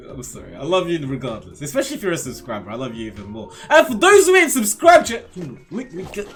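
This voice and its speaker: A man's voice: fairly high pitch, a little fast. A man reviewing a manga chapter in casual, slangy commentary, joking and laughing as he talks. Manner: animated, laughing, slangy and playful.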